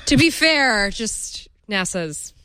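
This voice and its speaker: A woman's voice: medium pitch, sing-song, slow, pushed and bright, clear, resonant tone, dry recording. A woman on a tech panel, chatty and wry in casual conversation.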